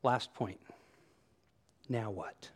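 A man preaching a sermon to his congregation, animated and conversational, acting out quoted voices as he tells the story. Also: fairly low pitch, drawn-out words, husky. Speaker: pastor. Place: church room with congregation.

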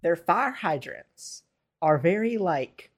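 A man's voice: high-pitched, takes it slowly. A man in his twenties from the United States, telling rambling stories over a video call in casual chat. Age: 20s. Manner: rambling, animated storytelling with laughs.

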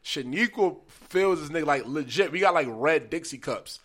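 A young man with a high, bright voice tells a story among friends. He is animated, keeps breaking into laughter and acts out what his friends said, in loose, casual chat. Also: normal speed.

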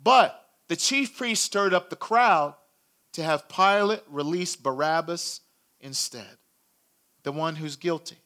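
A man giving a sermon, retelling a story dramatically with acted shouts and hushed passages. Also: fairly high pitch, slow pace. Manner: dramatic storytelling, acting out crowd shouts, dropping to a hush. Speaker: preacher.

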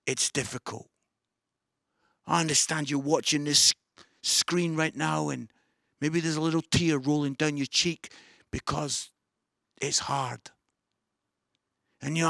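A man preaching a sermon to an online audience, enthusiastic, shifting from excited outbursts to soft pleading. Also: on the high side, a little slow, vocal fry, long pauses, dry recording, studio quality. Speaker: pastor.

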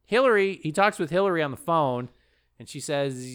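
Man, comedy podcast co-host, fairly high voice, very lively pitch, profane, goofy voices. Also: normal speed, smooth. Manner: animated, profane, slips into silly character voices. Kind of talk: comedic recap chat.

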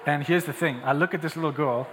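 A man's voice: fairly high pitch, quick pace, fairly bright tone, big-room sound, slight background noise. A young man preaching a sermon as a pastor, conversational and then building to emphatic peaks.

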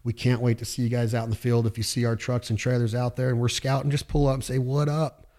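A man's voice: medium pitch, level tone, fast, mellow. A man hosting a podcast, talking casually in a fired-up, preachy pep-talk way with slang and swearing. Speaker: podcast host.

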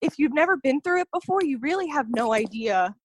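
A woman's voice: high-pitched, animated, fairly quick, no echo. Chatty woman with a dry close sound. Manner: earnest, filler-heavy telling, often says "like" and "you know". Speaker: podcast guest. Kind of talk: personal storytelling in an interview.

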